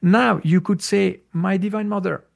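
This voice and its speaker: A man answering a listener's question in a casual talk, halting and searching for words with many restarts. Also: high voice, fairly even intonation, creaky. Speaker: spiritual teacher answering questions. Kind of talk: casual spoken Q&A.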